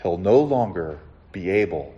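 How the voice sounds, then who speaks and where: Earnest man preaching with hushed emphasis. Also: sits low, big pitch swings, a little slow, lo-fi sound. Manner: earnest, drops to a soft hush then rises with emphasis; asks the listeners direct questions. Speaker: pastor. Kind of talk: sermon.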